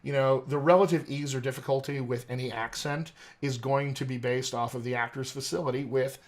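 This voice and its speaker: A man's voice: medium pitch, steady tone, brisk. A man working as an accent coach, explaining at length in a podcast interview, articulate and teacherly with frequent "you know" fillers. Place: podcast studio.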